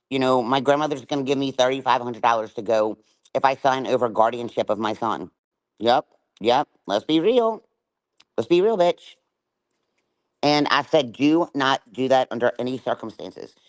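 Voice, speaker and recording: A woman's voice: deep voice, a little mellow, no room sound, low-quality recording. A middle-aged woman on a livestream, ranting in a confrontational, taunting way and swearing hard. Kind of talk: livestream rant.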